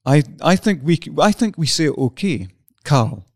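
An older Scottish man co-hosting a podcast, chatting in a wry, deliberate and slightly pompous way. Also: fairly high pitch, very animated, dry recording, clean studio sound. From Scotland. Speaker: podcast co-host. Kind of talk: casual chat.

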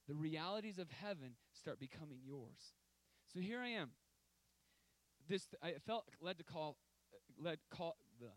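A man in his thirties preaching a sermon, telling stories with emphatic, sudden loud outbursts. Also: a little high, dry recording, low-quality recording.

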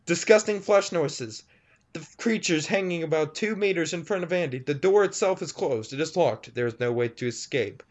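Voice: mid-range voice, normal speed, a little mellow. A casual reader who giggles and stumbles over words while reading a scary story aloud to friends, on a lo-fi recording.

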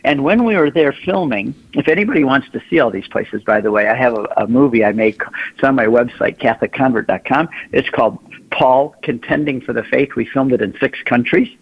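A man with a husky, breathy voice tells stories as a radio guest, lively and full of acted-out quotes. The sound is a little dull, like a muffled radio broadcast. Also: mid-range voice, fairly quick. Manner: animated storyteller, acts out quoted voices. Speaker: guest, pilgrimage leader. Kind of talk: radio interview storytelling.

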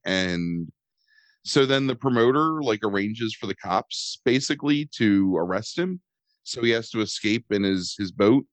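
Guy w a lowish voice riffing sarcastically on a movie, lots of ums and likes, dry close sound. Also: lively intonation, unhurried, dry recording. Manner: rambling, sarcastic, swears, many fillers like "um" and "like". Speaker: podcast host reviewing a movie. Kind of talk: casual chat.

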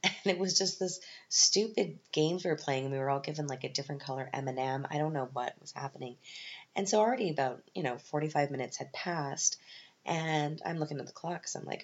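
Canadian woman, super low deep voice, rambly wry podcast chat, kinda muffled lo-fi sound. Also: a little fast. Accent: Canadian English. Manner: rambling, wry, self-deprecating, many ums. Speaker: podcast host. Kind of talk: casual storytelling monologue.

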